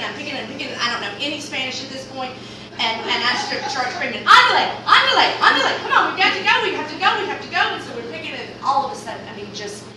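A middle-aged woman with a Southern American accent rambles through a comic story, acting out every line of dialogue. Her voice sits a little high. It comes from a distance in a very echoey room, with clear background noise. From Mississippi Delta, US. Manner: animated, rambling, acts out dialogue with big swings. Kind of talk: comic storytelling to a live audience.

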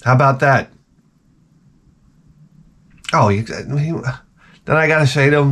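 A man's voice: a little high, measured pace, long pauses, a bit bright, a little hiss or hum. A middle-aged man, host of his own channel, telling rambling comic stories in a profane, ranting way. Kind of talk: rambling comedic monologue.

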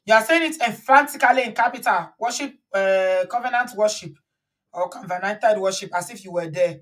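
A woman's voice: mid-range voice, a little fast. Chatty woman live-stream host. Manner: chatty, emphatic, lecturing viewers. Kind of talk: casual live-stream commentary.

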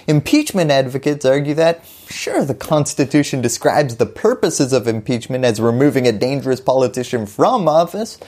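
Low-voiced wry woman explaining politics. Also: dark tone. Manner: wry, jokey asides. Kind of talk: scripted explainer narration.

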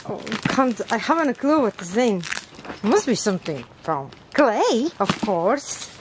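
High-voiced woman gasping over an unboxing. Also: big pitch swings, noisy background. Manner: gasping and exclaiming, halting non-native English. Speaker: plant vlogger. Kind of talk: unboxing vlog.

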